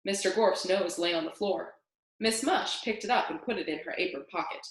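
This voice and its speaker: A woman reading a children's book aloud with an expressive, animated delivery. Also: fairly low pitch, moderate pace. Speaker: storyteller. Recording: echoey room.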